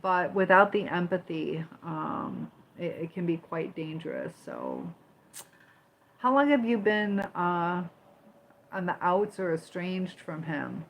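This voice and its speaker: A woman from Michigan and Indiana hosts a casual livestream at an unhurried pace. She greets viewers one by one and reads their comments aloud. She turns firm when she moderates the chat. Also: fairly low pitch, huge pitch swings, vocal fry. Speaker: livestream host.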